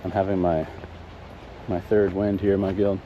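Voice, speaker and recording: A man's voice: low voice, little pitch movement, measured pace, muffled recording, background noise. A man live-streaming a hike on an outdoor trail, chatting with viewers and thinking aloud in a casual, self-deprecating way. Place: outdoor hiking trail in a wooded valley.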